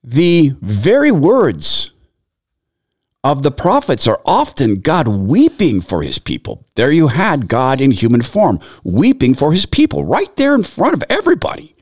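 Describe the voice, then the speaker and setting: A man's voice: on the high side, wildly swooping pitch, unhurried, no echo, clean studio sound. A man giving sermon-like commentary in an earnest tone, reciting scripture in long lists. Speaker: Christian commentator.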